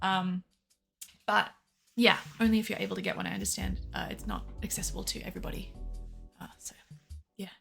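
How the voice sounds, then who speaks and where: A woman's voice: medium pitch, flat delivery, fairly quick, gravelly, pauses often, a bit bright, husky, faint music behind. A woman streamer telling a story in casual chat, rambling with fillers and laughs.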